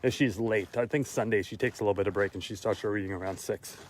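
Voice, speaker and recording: A tired, winded man talking casually while walking outdoors, repeating his key lines for emphasis with pauses. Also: on the low side, a little mellow. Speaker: motivational vlogger. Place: outdoors on a walk.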